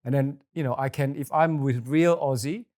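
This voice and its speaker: A man's voice: mid-range voice, moderate pace, darkish tone. Indonesian guy, wedding celebrant, casual podcast chat, rambly with lots of you knows. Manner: chatty, rambling with restarts and "you know".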